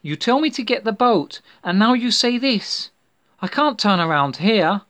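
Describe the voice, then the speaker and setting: A woman's voice: fairly low pitch, sing-song, moderate pace, pitched above the performer's own voice. A man voicing an anxious, questioning young girl in a storybook reading. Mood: exasperated.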